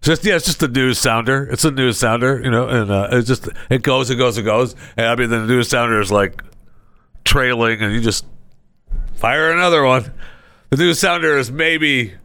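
A man's voice: medium pitch, moderate pace, pushed and bright, smooth, no echo. A man hosting a podcast, telling rambling stories in a loose, conversational way. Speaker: podcast host. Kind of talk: casual chat.

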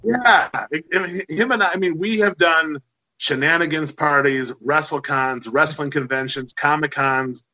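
Pitched fairly high and sounding pushed and bright, this middle-aged man talks at a measured pace on a rough recording. He's a podcast guest spinning chatty, rambling anecdotes in casual conversation, with plenty of fillers.

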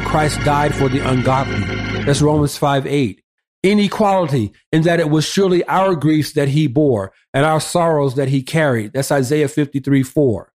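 A man's voice: a little high, a little mellow. A man delivers an emphatic, preacher-style argument in a somewhat raised voice. He cites verse after verse in a driving, repetitive cadence and punctuates it with rhetorical questions. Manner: emphatic, quoting scripture references. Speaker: pastor guest. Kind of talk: preaching on a radio show.

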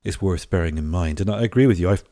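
Very deep-voiced thoughtful male host. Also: fast talker, warm tone, no room sound, studio quality. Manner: thoughtful, hesitant with many fillers. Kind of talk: conversational interview.

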